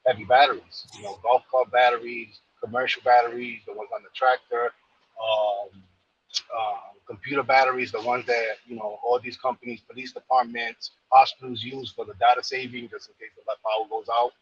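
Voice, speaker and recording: A man's voice: medium pitch, little pitch movement, moderate pace, slightly rough, highs cut off. A man from New York casually telling a long, rambling story, full of fillers and repeated phrases.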